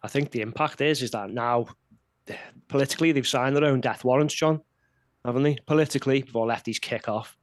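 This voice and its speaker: A man's voice: medium pitch, brisk, dry recording. A man co-hosting a casual political chat, blunt and heated. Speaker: podcast co-host.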